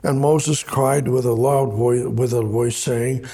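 In a slow, steady mid-range voice that is warm and husky, a man preaches a sermon, reading scripture aloud. His delivery is conversational and repetitive, like a Bible study.

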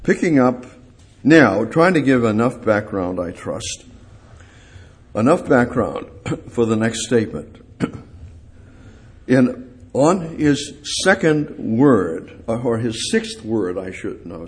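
Preacher guy going slow, repeats stuff, voice jumps up and down a lot. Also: very animated. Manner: halting, repeats phrases for emphasis; rises and swells on key words, then drops low. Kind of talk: sermon.

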